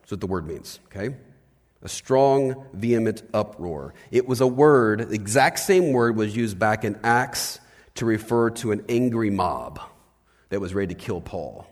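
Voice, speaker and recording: Animated male pastor in a reverberant hall. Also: lowish voice, normal speed. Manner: animated, swings from loud to hushed, asks the congregation questions. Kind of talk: sermon.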